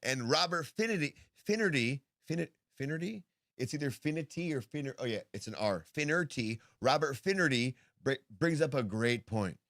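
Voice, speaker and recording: A man's voice: on the high side, animated, normal speed, a bit bright, no echo, clean studio sound. A man co-hosting a livestream, reacting in casual chat that rambles, swears and mimics names. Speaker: livestream co-host.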